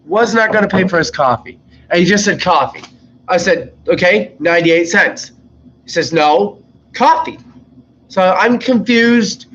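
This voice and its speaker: A man's voice: high-pitched, normal speed, a bit bright, lo-fi sound, a little hiss or hum. A young man telling rambling work stories in a casual vlog, swearing freely and acting out rude customers. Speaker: vlogger. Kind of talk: casual storytelling.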